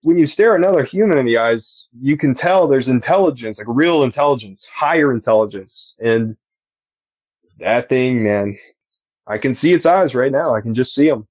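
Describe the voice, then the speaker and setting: A man's voice: medium pitch, expressive, moderate pace, a little mellow, no room sound, lo-fi sound. A man telling, earnestly and with emphasis, about a personal encounter as a guest on a podcast. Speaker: eyewitness guest.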